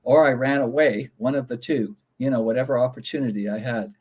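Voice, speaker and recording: A man from Canada, a guest author, calmly explaining in a casual interview. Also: medium pitch, a little fast, breathy edge.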